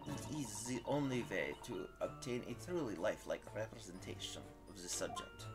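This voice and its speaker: A proud, macabre French waxwork sculptor, as a man puts her on in a game playthrough, speaking with a put-on French accent and theatrical deliberation. She lingers over her words and drops French phrases. Game music plays clearly underneath. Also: lowish voice, lively intonation, normal speed, lightly acted.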